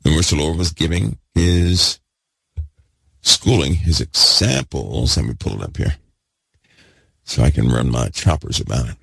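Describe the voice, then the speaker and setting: A man preaching a fervent sermon, repeating himself and swinging between loud bursts and hushed asides. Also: a bass voice, expressive, unhurried, gravelly, long pauses, slightly rough, no room sound.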